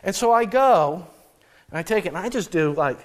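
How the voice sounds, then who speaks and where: A man's voice: high-pitched, animated, normal speed. A man pastor preaching a conversational sermon in a church in New England, telling stories with frequent restarts. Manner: casual and storytelling, with frequent restarts.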